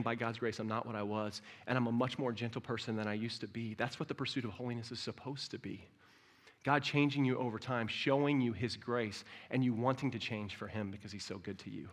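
A middle-aged man preaching a sermon as pastor, direct and blunt, swinging from quiet reflection to loud, impassioned peaks. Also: medium pitch.

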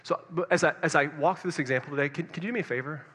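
A man preaching a sermon, telling a story that puts his listeners in it, swinging between loud urgency and hushed near-whispers. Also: on the high side, very fast, breathy edge, in a large hall. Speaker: pastor.

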